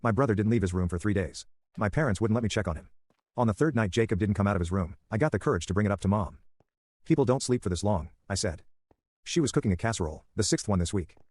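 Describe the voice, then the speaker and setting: Brisk low-voiced male horror narrator. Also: darkish tone. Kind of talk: scripted narration.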